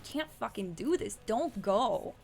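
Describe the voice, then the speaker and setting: Woman playing a young male best friend, urgent, pleading, gravelly. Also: a little high, expressive, takes it slowly, a little mellow, exaggerated voice.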